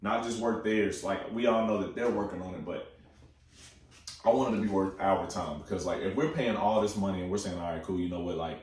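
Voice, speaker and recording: A young man casually talking about upcoming films, excitable and slangy, swearing freely. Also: on the low side, brisk. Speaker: movie talk host. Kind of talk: casual movie chat. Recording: echoey room, far from the mic.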